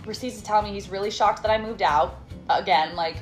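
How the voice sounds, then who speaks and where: A woman's voice: medium pitch, fairly quick, faint music behind. A young woman casually telling a storytime, chatty and dramatic with sassy asides.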